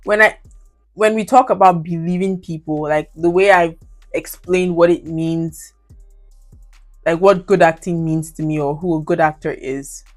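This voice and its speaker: A young Nigerian woman with a fairly low, fairly even voice speaks unhurriedly over faint background music. As a video reviewer, she chats casually about movies and comments on her old reviews, laughing often and slipping into Nigerian Pidgin with her Nigerian accent.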